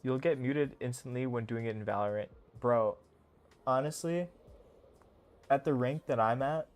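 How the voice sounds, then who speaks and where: A young man streaming a game, talking casually in a goofy, excitable, rambling way full of slang. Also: medium pitch, moderate pace. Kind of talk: casual live-stream commentary.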